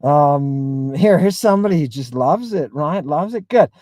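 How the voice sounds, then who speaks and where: A man's voice: fairly high pitch, lively intonation, a little slow, mellow, no room sound. A man hosting a livestream, talking emphatically and in a rambling way, reading and answering viewer comments. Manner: emphatic, rambling, keeps asking "right?". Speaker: host. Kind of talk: livestream talk with chat.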